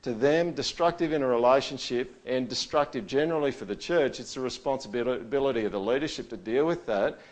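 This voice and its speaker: Pastor preaching a conversational sermon. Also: male voice, mid-range voice, brisk, hardly any pauses. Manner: conversational, keeps asking "all right?", voice swings loud and soft.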